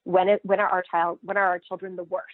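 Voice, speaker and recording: A middle-aged woman telling her family's story as a guest in a casual interview, lively and expressive. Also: lowish voice, fast talker, no echo. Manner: lively, expressive, acts out quoted voices. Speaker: guest, mother of a child cancer patient. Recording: tinny phone-line sound, dry.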